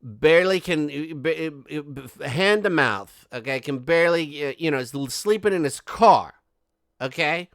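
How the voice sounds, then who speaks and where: A man's voice: fairly high pitch, animated, measured pace, a bit bright, dry recording, studio quality. A man hosting a commentary video, reading quotes aloud and breaking in with sarcastic, mocking asides. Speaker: commentary channel host. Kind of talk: ranting commentary.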